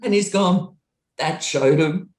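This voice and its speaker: A middle-aged woman, once a touring roadie, recounts a story slowly for an interview, her voice echoing around the room. Lively and laughing, she plays out the dialogue with sharp jumps in pitch.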